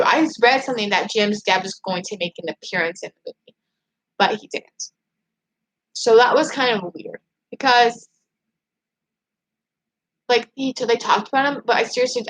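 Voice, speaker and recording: A woman hosting a casual livestream, chatting and reading viewer comments aloud. She rambles excitably, restarting her sentences often. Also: on the high side, low-quality recording. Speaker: YouTube channel host.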